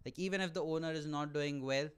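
Profane ranting man with a smooth voice. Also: on the high side, fast. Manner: profane, exaggerated ranting with frequent "all right?" asides. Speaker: podcast host and aspiring stand-up comedian. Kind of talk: comic monologue rant.

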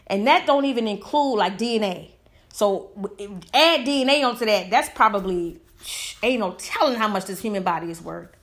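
A woman's voice: mid-range voice, animated, moderate pace, fairly bright tone. Heated woman ranting. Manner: heated, emphatic, rhetorical questions. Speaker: commentator. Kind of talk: impassioned opinion monologue.

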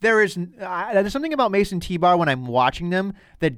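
A man with a faint Boston accent rambles through his opinions in a casual podcast chat, often restarting his sentences. His voice is smooth and slightly high, recorded dry and close. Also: very animated, brisk, a bit bright, no room sound. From Massachusetts North Shore. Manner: rambling, self-interrupting opinions. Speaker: podcast co-host. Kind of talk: casual chat about pro wrestling.

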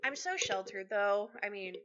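A woman co-hosting a podcast, telling a family story in casual chat, animated and swearing freely as she acts out quotes. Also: medium pitch, slow pace, muffled recording. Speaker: podcast co-host.

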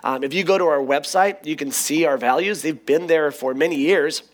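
Conversational pastor with a higher voice. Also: male voice, normal speed. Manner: conversational, animated storytelling with frequent restarts. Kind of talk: sermon.

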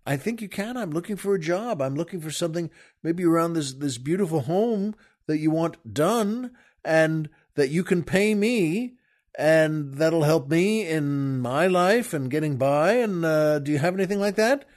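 Man playing naive young job-seeker gal, a bit higher, eager and chatty. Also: expressive, moderate pace, a little mellow, lightly acted. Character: young pretty woman seeking work, naive.

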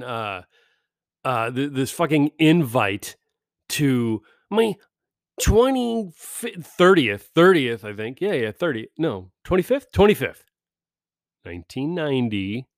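A middle-aged man on a podcast, ranting sarcastically and swearing constantly, mocking people in high put-on voices. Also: no room sound, clean studio sound. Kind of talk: profane comedic rant. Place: California.

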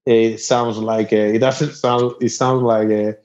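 A man with a Spanish accent, a native Spanish speaker, chatting as a podcast guest over a video call, halting and laughing as he searches for English words. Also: fairly low pitch, level tone, darkish tone. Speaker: guest musician. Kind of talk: casual podcast chat. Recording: dull lo-fi video call audio.

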